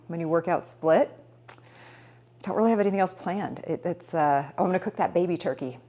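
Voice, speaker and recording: A chatty, upbeat woman in her thirties talks straight to her viewers in a relaxed vlog. Her voice sits a little low for a woman, and she rambles along with plenty of fillers. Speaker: fitness vlogger. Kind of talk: casual vlog chat.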